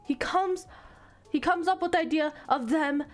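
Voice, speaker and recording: A woman streaming in a casual, exasperated rant, cursing freely as she talks. Her voice is high for a woman, and soft music plays faintly behind her. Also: normal speed. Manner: exasperated, swears a lot.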